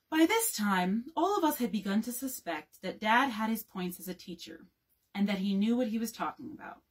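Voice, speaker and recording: Woman, librarian, bedtime read-aloud, calm expressive narration, slightly breathy voice. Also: medium pitch, moderate pace. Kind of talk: bedtime story reading.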